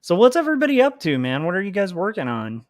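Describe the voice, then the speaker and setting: A high-pitched man talks fast with wildly swooping pitch while livestreaming his comics drawing, in a studio-quality recording without echo. He rambles in a casual way, laughs often, and keeps saying "like."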